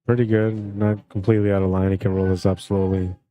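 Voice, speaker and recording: Relaxed man calling pool. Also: low voice, a little fast, no echo, highs cut off. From Canada. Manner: relaxed, friendly, reads out chat comments between shots. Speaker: pool tournament commentator and streamer. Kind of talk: live play-by-play commentary.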